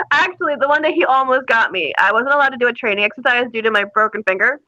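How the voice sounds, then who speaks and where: A high, bright woman tells her stories with lots of laughter, her pitch swooping freely. The audio is dull and lo-fi. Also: fast talker. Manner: animated, laughing, mimics people in her stories. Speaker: guest. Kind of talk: casual storytelling.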